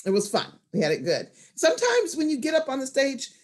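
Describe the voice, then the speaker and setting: A woman whose voice sits high speaks briskly while leading a storytelling workshop online by video call. Her animated delivery swings between quiet asides and loud, emphatic moments.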